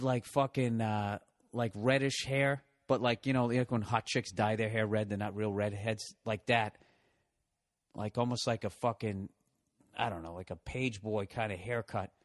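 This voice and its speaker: With a mid-range voice and a clean studio sound free of echo, a middle-aged podcast host tells a loose, self-mocking funny story. He swears a lot and keeps laughing as he goes.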